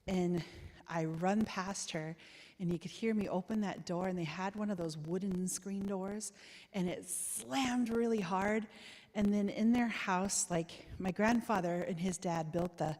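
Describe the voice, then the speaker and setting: A woman speaker in a church, telling a childhood story in a reminiscing way with soft laughs. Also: mid-range voice, measured pace. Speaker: guest speaker. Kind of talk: storytelling sermon. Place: church sanctuary. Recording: church hall with long reverb.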